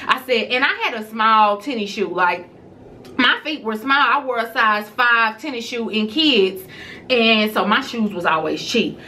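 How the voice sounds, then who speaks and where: A woman vlogger telling a personal story to her viewers in a casual, animated way. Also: on the high side, unhurried, a little hiss or hum.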